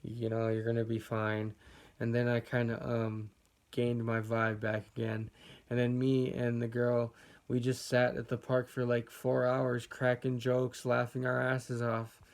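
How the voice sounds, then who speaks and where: A man's voice: medium pitch, monotone, a little slow. A young man casually telling a personal story as a vlogger, laid-back and rambling with lots of fillers.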